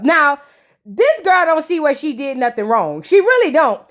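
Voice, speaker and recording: A woman's voice: high voice, big pitch swings, moderate pace, a bit bright. A woman hosting a casual reality TV recap, sassy and scolding as she talks straight to the people on screen. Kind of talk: casual reaction commentary.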